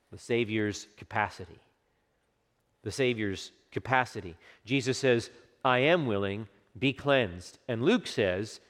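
A man preaching a sermon with passion, dropping to a hush for quoted words and rising for emphasis. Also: lowish voice. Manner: impassioned preaching, hushed quotes, swelling emphasis. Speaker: pastor. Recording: long hall reverb.

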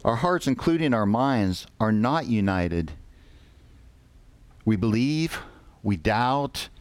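A man preaching a sermon, reading scripture slowly and deliberately with pauses. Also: mid-range voice, lively intonation, no room sound.

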